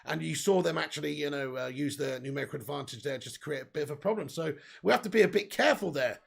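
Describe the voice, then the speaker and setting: Brief: male watch-along host, high-ish gravelly voice with a husky edge, casual, excitable. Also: fast. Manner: excitable, casual, swears, reads out viewer messages. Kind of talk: live football watch-along commentary.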